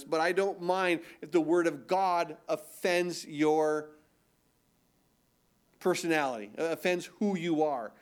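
An older man preaching a sermon from the pulpit, his voice sitting a little higher than most men's. He talks in a loose, conversational way, restarting phrases and doubling words as he goes. Now and then he slips into mock voices to make a point. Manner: mock-incredulous put-on voices for emphasis. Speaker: pastor.

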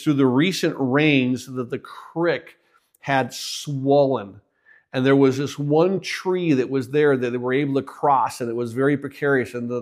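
A man preaching a sermon, telling a story with his voice rising and then dropping almost to a hush. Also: medium pitch. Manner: storytelling, voice swells and drops to near hush.

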